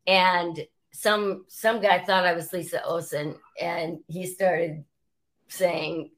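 A woman, a former sports reporter telling stories as an interview guest and acting out quotes as she goes. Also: slow. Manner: animated, acts out quotes with rising pitch. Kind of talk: storytelling interview.

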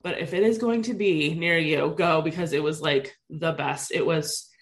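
Speaking with a deep voice at normal speed, a woman in her thirties tells her co-host a personal story. It's a chatty, animated retelling packed with "like" fillers.

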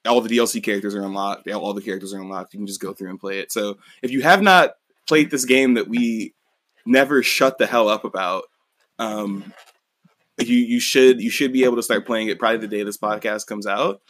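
A man's voice: on the low side, a little fast, a bit bright, no echo. A young man co-hosting a podcast, chatting casually, swearing freely and restarting his sentences often. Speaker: podcast co-host. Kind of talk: casual chat.

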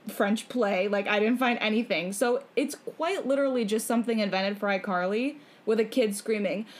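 A woman's voice: medium pitch, moderate pace. A young adult woman co-hosting a podcast in casual chat, explaining at length with many "like" fillers and free swearing. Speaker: podcast co-host.

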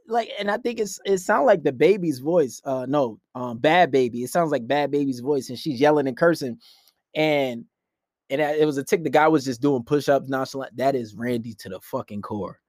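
A man's voice: medium pitch, normal speed, darkish tone, no echo, studio quality. A young man hosting a podcast, ranting profanely and bluntly about dating in a rambling, casual way from his room at night. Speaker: podcast host. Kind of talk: casual dating-advice rant. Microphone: laptop.

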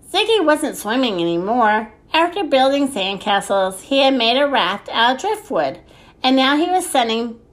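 A woman reads a children's story aloud, unhurried and expressive. Her voice sits fairly high and moves lively up and down. She takes her time over every line.

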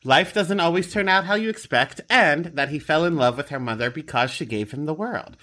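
A man co-hosting a podcast, recapping a movie in an animated, theatrical way. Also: on the high side, fairly quick. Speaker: podcast co-host. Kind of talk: casual chat and movie recap.

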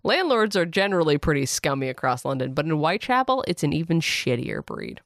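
A podcast host narrating history with wry, deadpan comic asides. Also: mid-range voice, a little fast, no echo, clean studio sound.

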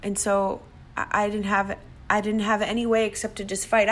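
A woman's voice: mid-range voice, flat delivery, moderate pace. A woman giving an emphatic motivational talk, sometimes acting out what other people say. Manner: emphatic, acts out quoted voices. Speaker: motivational speaker.

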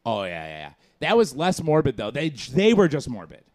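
A man co-hosting a podcast in casual chat, animated, rambling and slangy. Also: medium pitch, moderate pace. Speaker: podcast co-host.

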